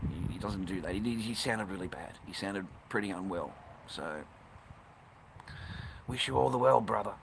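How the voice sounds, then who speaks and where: Gravelly man swearing on stream. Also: fairly low pitch. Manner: swears constantly, blunt and rambling. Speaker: livestreamer. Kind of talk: casual live-stream chat. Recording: noisy background hiss.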